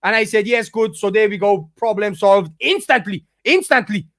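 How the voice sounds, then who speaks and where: An angry man with a very high voice tears into an online rival in a profane vlog rant. He stumbles and restarts his sentences, repeating himself as he builds his case. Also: lively intonation, moderate pace, fairly bright tone, dry recording, studio quality. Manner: heated, profane, repetitive restarts. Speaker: YouTuber calling out a rival.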